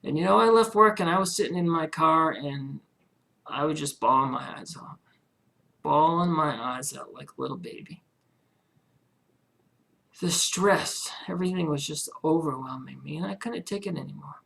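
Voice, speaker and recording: A man's voice: a little high, moderate pace, vocal fry, sharp tone. A man talking straight to camera in a personal video diary about his home-based marketing business, earnest and heartfelt, often rambling with filler words. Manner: earnest, rambling, many "you know" fillers; heartfelt, religious.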